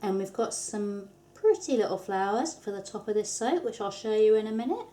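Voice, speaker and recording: A woman narrates a hands-on craft tutorial as its host. She sounds casual and chatty, with light self-deprecating humour. Her voice sits at an ordinary middle pitch. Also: animated, normal speed, dark tone. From England. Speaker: soap maker, tutorial host.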